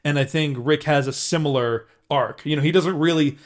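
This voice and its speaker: A man's voice: on the high side, moderate pace. A young man co-hosting a podcast, chatting casually and agreeably about a film and laughing often. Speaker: podcast co-host. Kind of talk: casual film review chat.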